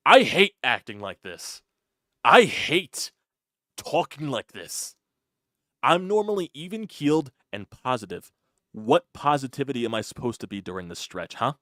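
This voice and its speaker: A man's voice: medium pitch, no echo, clean studio sound. A man hosting a sports channel, ranting in an exasperated, repetitive way and mocking others in a put-on voice. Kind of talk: ranting sports reaction monologue.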